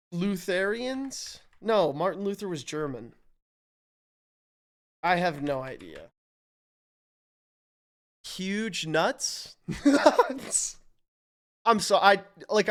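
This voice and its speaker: A wired-up male streamer from Canada with a high, smooth voice. He talks his guesses through out loud, jumping between hype and confusion, and swears freely as he goes. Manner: hyped, profane, thinks aloud while guessing. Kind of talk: casual live-stream commentary.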